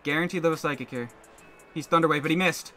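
A man commentating his own competitive game match, thinking aloud in quick bursts and getting excitable. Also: a little high, soft background music. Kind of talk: live gameplay commentary.

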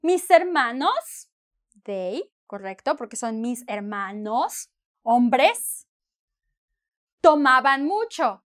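A woman teaching a bilingual lesson, deliberately, switching between English and with playful asides. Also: sits high, big pitch swings. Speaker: Spanish teacher.

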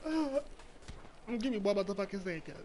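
Excitable woman shrieking over her game. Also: mid-range voice, normal speed. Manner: excitable and profane, with loud squealing outbursts. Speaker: gamer. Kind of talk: casual reactive commentary while gaming. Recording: clear background noise.

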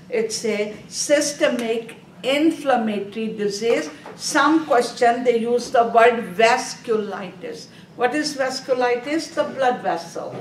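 A woman lectures a nursing review class at a slow, deliberate pace, posing questions and answering them herself. Her voice sits a little high. She is recorded from a distance in an echoey room with faint background noise. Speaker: nursing exam instructor.

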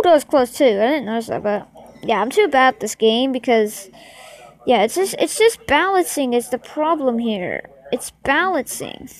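A woman doing let's-play commentary, excitable and easily frustrated, talking to her viewers as she plays. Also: sits high, poor audio. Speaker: gaming channel host.

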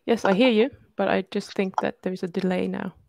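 Woman coach on a video call, croaky voice, probing questions, no room echo at all. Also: mid-range voice, steady tone, fairly quick, a little mellow, clean studio sound. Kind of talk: live online coaching session.

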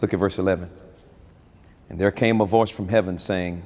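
A man preaching a sermon at a large convention, with an animated delivery that swings between loud high calls and low quiet asides. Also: normal speed, pauses often. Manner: animated preaching with wide swings in pitch and loudness. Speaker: pastor.

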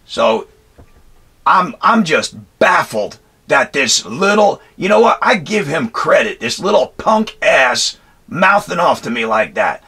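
A Marine veteran ranting angrily through a personal story, cursing often and circling back with "anyway". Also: male voice, a little high, big pitch swings, slow, pushed and bright, breathy edge. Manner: profane, angry, rambling with restarts and "anyway". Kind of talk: heated personal storytelling rant.

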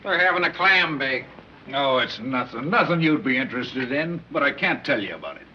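A man's voice: mid-range voice, expressive, normal speed, lightly acted. A man playing a cocky gangster who bargains with police in pushy street slang, on a dull 1930s film soundtrack with hiss.

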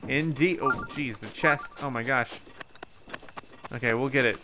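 Bright-voiced man musing over gameplay. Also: medium pitch, a little slow, a little hiss or hum. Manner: musing to himself, casual, easily distracted. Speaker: gaming video host. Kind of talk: let's play commentary.

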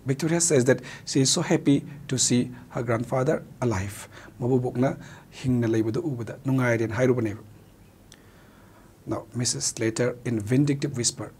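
A man's voice: medium pitch, fairly even intonation, moderate pace, a little mellow, husky. A male teacher with a Manipuri accent, a native Meitei speaker, explaining a play in a recorded lesson, mixing Meitei and English and glossing words.

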